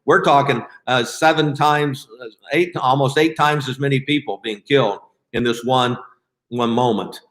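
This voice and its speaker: A man leading a Bible study in a casual, conversational way, often pausing with fillers and restarting his sentences. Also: mid-range voice, fairly bright tone, roomy sound.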